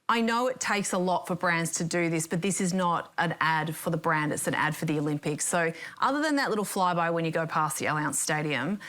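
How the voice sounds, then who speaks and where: A woman speaking as a panelist on a TV show, giving confident and measured commentary. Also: on the low side, fairly bright tone. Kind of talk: analytical panel discussion. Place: TV studio.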